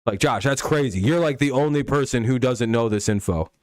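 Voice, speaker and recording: A man's voice: medium pitch, fairly quick, no room sound, studio quality. A young man hosting a casual talk stream, arguing heatedly with profanity and lots of repetition and restarts. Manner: argumentative, profane, repeats himself. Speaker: host.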